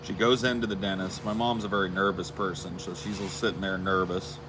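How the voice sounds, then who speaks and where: A low-pitched American man spins a rambling, profane anecdote in casual podcast chat. His voice sits deep, and a clear background hum runs under the recording. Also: flat delivery, brisk. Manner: rambling anecdote-telling, crude asides. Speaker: podcast co-host.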